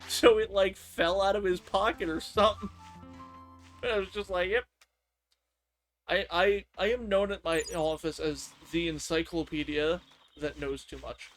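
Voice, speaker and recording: Man game streamer with a high voice, animated storyteller who acts out other people's lines, faint game music behind. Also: a little slow. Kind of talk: casual storytelling on a live stream.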